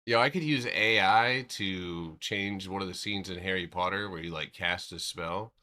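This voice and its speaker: A man's voice: deep voice, normal speed, sharp tone. A man from the United States hosting a trading livestream in loose, slangy chat, swearing and laughing often.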